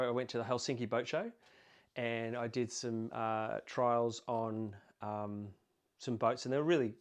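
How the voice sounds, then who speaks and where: A man with an Australian accent, explaining boat handling casually through anecdotes, rambling with fillers and restarts. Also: mid-range voice. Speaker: boating instructor.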